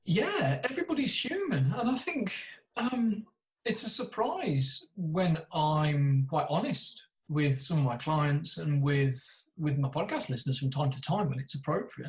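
In a rough recording, a middle-aged British therapist and podcaster with a high-leaning voice tells candid, self-deprecating stories during an interview. He's a chatty storyteller who often restarts his sentences.

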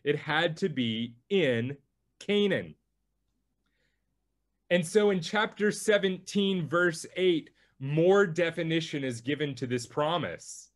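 A male pastor preaching a sermon, teaching through a Bible passage with slow, emphatic delivery. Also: a little high.

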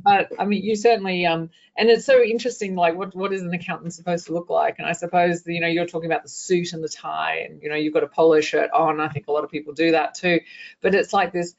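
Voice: mid-range voice, steady tone, fast talker, creaky, muffled recording. An interviewer who works as an accountant and coach, asking questions in a chatty way with frequent "um". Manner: chatty, thinks aloud with "um". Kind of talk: conversational interview.

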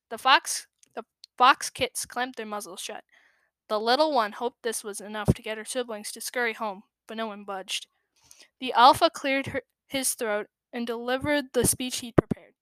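A woman's voice: fairly high pitch, clean tone, no echo. Woman reading a storybook aloud. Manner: expressive, measured, dips into hushed tones. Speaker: storybook reader. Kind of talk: scripted narration of a children's story.

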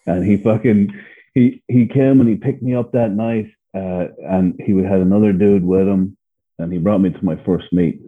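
Husky Irish man on a phone-like line. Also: on the low side, steady tone, normal speed. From Ireland. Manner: blunt, profane, laughs through his story. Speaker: podcast guest. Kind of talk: candid storytelling in an interview. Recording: phone-like narrow sound.

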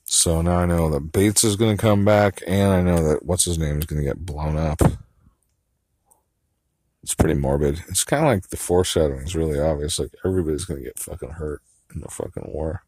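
Deep-voiced man musing aloud. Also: brisk, warm tone, dry recording, studio quality. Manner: musing and profane, with frequent fillers. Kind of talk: rambling solo monologue.

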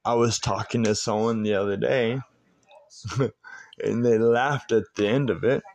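A man's voice: on the low side, steady tone, measured pace, gravelly, darkish tone. A man hosting his own podcast, rambling through stories in a casual, heavily profane monologue. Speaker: podcast host.

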